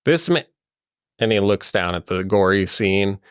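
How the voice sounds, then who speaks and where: A man's voice: on the low side, expressive, measured pace, clean tone, no room sound, clean studio sound. A man narrating as game master of a tabletop game, meandering and full of ums and likes.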